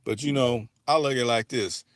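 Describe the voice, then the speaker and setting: A man's voice: mid-range voice, fairly quick, dry recording. A man with an African American English accent hosting a livestream, chatting loosely and profanely with many restarts. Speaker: livestream host. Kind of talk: casual livestream chat.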